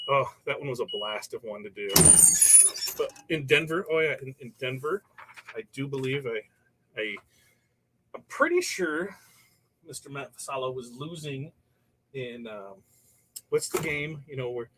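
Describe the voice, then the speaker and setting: A man's voice: mid-range voice, lively intonation, moderate pace, pauses often, background noise. A man hosting a casual livestream from his workshop, rambling through viewer comments and stories with frequent laughs. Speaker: livestream host. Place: workshop while pressing shirts.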